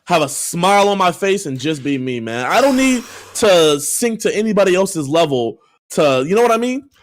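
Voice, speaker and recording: A man's voice: high voice, very animated, moderate pace, no echo, clean studio sound. A young man speaking as a guest on a livestream, in upbeat, rambling, earnest casual chat. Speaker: streamer guest.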